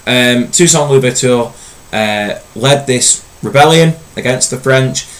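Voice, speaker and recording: A man teaching a recorded history lesson in a relaxed, conversational way, with frequent ums and uhs. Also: mid-range voice, a little slow, rough recording.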